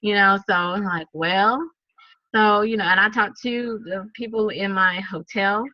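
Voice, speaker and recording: A woman with a Southern accent, an animated storyteller who laughs often and acts out what people said, talking casually to a group on a video call. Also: medium pitch, unhurried, no echo. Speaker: network marketing speaker. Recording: dull, dry lo-fi sound.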